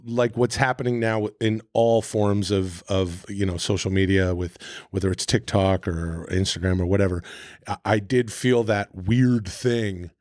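A man's voice: on the low side, fairly even intonation, a little slow, darkish tone, no echo, clean studio sound. A man in his forties, a guest actor telling rambling, self-mocking stories in casual podcast chat. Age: 40s. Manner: rambling, self-mocking storytelling, slips into silly voices.

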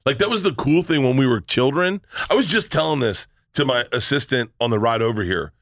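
A man's voice: medium pitch, a little fast, no room sound, clean studio sound. A man casually telling rambling, profane stories as a comedian guest on a podcast. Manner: rambling, profane, animated storyteller.

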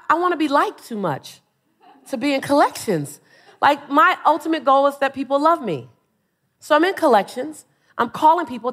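Animated woman motivational speaker. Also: sits high. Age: 40s. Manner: animated, humorous storytelling, rousing exhortations. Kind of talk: live stage speech with audience call-and-response.

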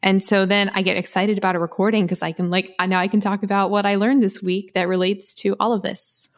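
A woman's voice: mid-range voice, little pitch movement, fast talker. A woman co-hosting a podcast in casual chat, reading listener mail aloud in a gushing, chatty way. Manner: gushing, chatty, full of "like" fillers, laughs often. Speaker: podcast co-host.

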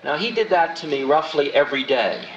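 A man in his forties telling a spiritual story in a lively way, slipping into the voices of the people in it, on a 1970s tape recording. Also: a little high, brisk. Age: 40s. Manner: animated storytelling, acting out quoted voices. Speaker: spiritual teacher. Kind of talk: storytelling talk. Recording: roomy dull 1970s tape recording with faint hiss.

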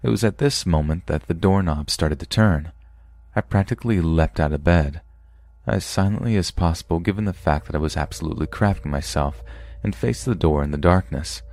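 Deep-voiced man narrating horror stories. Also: brisk, a little mellow, dry recording. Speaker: podcast host and story narrator.

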